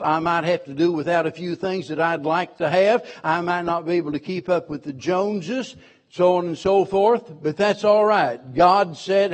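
A man preaching a sermon, emphatic, repeating key words and quoting scripture in old-fashioned wording. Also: high-pitched.

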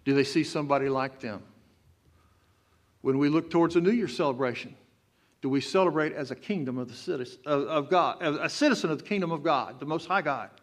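Texan preacher with rising bursts. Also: male voice, fairly high pitch, brisk. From Texas. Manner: preaching with emphatic rising outbursts. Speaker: pastor. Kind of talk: sermon. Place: church sanctuary.

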